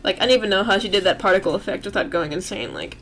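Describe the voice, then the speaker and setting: A woman's voice: mid-range voice, sing-song, rapid-fire, fairly bright tone. A young woman streaming as she draws, chatting in a loose, rambling and self-deprecating way at her computer. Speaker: artist streaming while drawing. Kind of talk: casual livestream chat.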